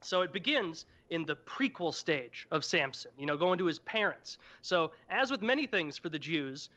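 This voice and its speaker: A man's voice: on the high side, sing-song, normal speed, pushed and bright. A young man co-hosting a podcast, retelling a story in an irreverent, profane, joking manner. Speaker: podcast co-host. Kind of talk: casual comedic storytelling. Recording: dull lo-fi podcast audio.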